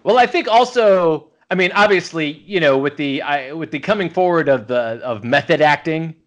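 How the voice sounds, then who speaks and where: A man's voice: a little high, lively intonation, normal speed. Rambling man co-hosting a podcast. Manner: rambling, full of "you know" fillers. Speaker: podcast co-host. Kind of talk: casual podcast chat.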